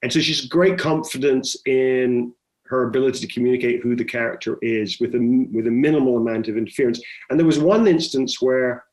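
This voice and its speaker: Middle aged guy, director, chatty and animated, keeps restarting, mid-pitch voice. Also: fairly quick. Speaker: film director guest. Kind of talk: conversational interview.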